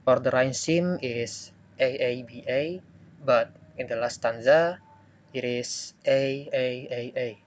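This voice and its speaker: Slow, hesitant young man presenting. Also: mid-range voice, a little hiss or hum. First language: Indonesian. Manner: hesitant, with many "uh" fillers and self-corrections. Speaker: student presenting a poem analysis. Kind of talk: classroom presentation.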